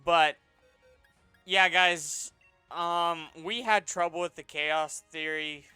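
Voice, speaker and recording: A man's voice: fairly high pitch, slow pace, smooth, no echo, soft background music. A man co-hosting a gaming live stream, chatting casually, laughing often and telling stories with lots of energy. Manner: laughs often, animated storytelling. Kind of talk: casual chat while gaming.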